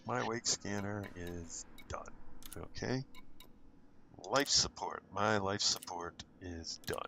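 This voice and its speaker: A man's voice: low voice, takes it slowly, creaky, bright, forceful tone, slight background noise. A man with an American accent streaming a game on a headset mic, chatting casually and thinking aloud with plenty of ums. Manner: thinks aloud with many fillers. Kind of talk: casual gameplay chat.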